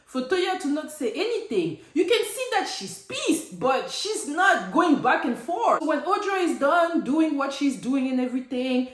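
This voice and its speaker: A woman casually recapping a reality TV episode, animated and slangy, laughing often. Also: high-pitched, measured pace, hardly any pauses, echoey room. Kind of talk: casual chat.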